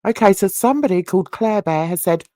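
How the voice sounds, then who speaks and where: A woman's voice: mid-range voice, lively intonation, fast talker, warm tone, no echo, clean studio sound. A woman hosting a true crime channel, reading viewer comments aloud in a casual, self-mocking way, stumbling over words and laughing at herself.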